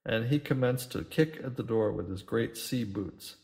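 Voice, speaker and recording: A man narrating an old story in a measured audiobook reading. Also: mid-range voice, vocal fry, a little mellow.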